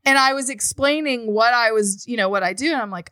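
A woman in her forties co-hosts a podcast from a remote call, talking in a casual, dramatic way full of exclamations and laughter. Her voice sits high and bright, with lively swoops in pitch. The sound is dry and close. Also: fast talker, hardly any pauses, no echo. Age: 40s. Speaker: podcast co-host. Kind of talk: casual chat.

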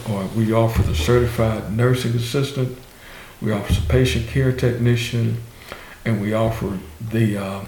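A man speaking on a panel as a healthcare education representative, giving advice in a measured way. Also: on the low side, a little mellow, roomy sound, slight background noise, rough recording. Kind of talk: panel discussion answer.

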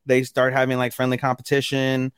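Man, podcast co-host, casual rambling recap, mid-pitched voice, dry close sound. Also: completely flat delivery, a little fast, smooth, no echo. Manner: rambling, many fillers, acts out characters' lines. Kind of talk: casual chat recapping anime episodes.

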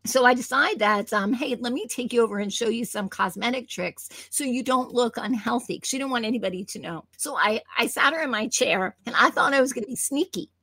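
A middle-aged woman from New Jersey, a guest telling animated stories in a conversation and acting out quoted voices. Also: a little high, brisk, vocal fry, hardly any pauses, no room sound. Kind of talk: storytelling in a conversation.

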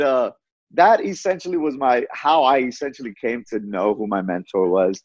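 A man telling his story as a podcast guest in a lively, fast way, often repeating words. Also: mid-range voice, a little hiss or hum. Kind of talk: casual storytelling. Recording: dull lo-fi audio.

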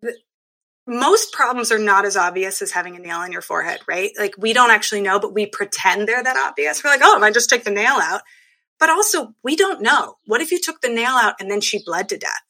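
A woman speaks as an interview guest with a bright, lively tone. She explains her ideas eagerly and often acts out the things people say. Her pitch sits in a middle range for a woman. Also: brisk. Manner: enthusiastic, explanatory, acts out quoted speech. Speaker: guest, women's group leader. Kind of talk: casual conversation.

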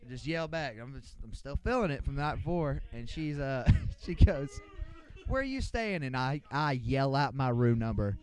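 A young podcast co-host tells a profane, boisterous anecdote, rambling through it as friends do when swapping stories casually. His pitch is medium and his pace moderate, with few pauses.

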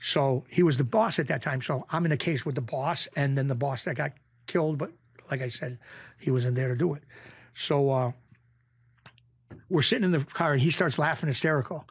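A middle-aged man, a podcast guest telling rough street stories in a casual, animated way that keeps circling back on itself. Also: medium pitch, moderate pace. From Springfield, Massachusetts. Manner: animated storyteller, rough street talk, repeats himself. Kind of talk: casual storytelling.

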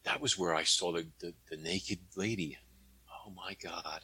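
A man telling stories as an interview guest, animated and tagging his points with "okay?". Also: low voice, a little slow, husky, dry recording. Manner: animated, tags statements with "okay?". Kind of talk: conversational storytelling.

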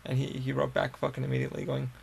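A man's voice: mid-range voice, completely flat delivery, very fast, creaky, breathy edge. A young man hosting a podcast, telling a long casual story in a rambling, profane way full of fillers and restarts. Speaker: podcast host.

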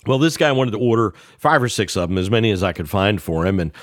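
A man telling an anecdote in a lively, casual way, acting out the dialogue as he goes. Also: on the low side, quick pace, no room sound, studio quality. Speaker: banjo player sharing a memory. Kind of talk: storytelling.

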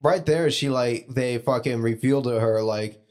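A man's voice: mid-range voice, measured pace, a little mellow. A man co-hosting a casual podcast, laid-back, mostly chiming in with short agreements and wisecracks. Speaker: podcast co-host.

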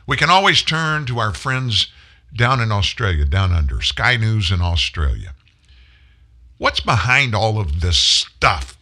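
Emphatic, bright-toned talk host. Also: male voice, mid-range voice. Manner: emphatic, preachy. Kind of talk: opinion talk show.

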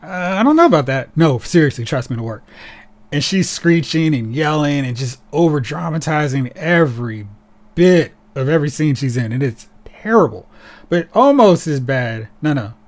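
A man co-hosting a casual podcast, talking in an animated, sarcastic way and slipping into mocking voices. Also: fairly high pitch, normal speed. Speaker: podcast co-host. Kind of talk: casual chat.

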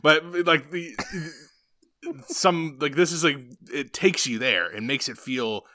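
A man's voice: a little high, slow pace, sharp tone, no echo, studio quality. A man in casual conversation discussing a film, chatty with many fillers and restarts.

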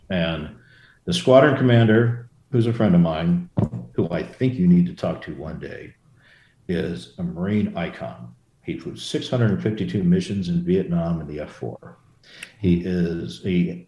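A man's voice: sits low, warm tone, reverberant. A middle-aged man, a former fighter pilot, telling rambling anecdotes in a casual interview and correcting himself as he goes. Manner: rambling, self-correcting anecdotes with quoted voices.

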